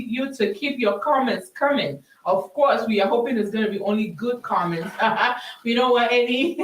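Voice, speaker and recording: A woman hosts a Christian women's show, chatting her way through Bible verses. She slows down to stress each line she reads and laughs often. Her voice rings in a roomy space and sits some distance from the mic. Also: medium pitch. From Ghana. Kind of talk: teaching on scripture for a live audience.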